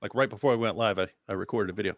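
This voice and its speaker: A man's voice: lowish voice, fairly even intonation, racing, no room sound, clean studio sound. A man co-hosting a casual livestream chat, joking and laughing often as he talks. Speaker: co-host.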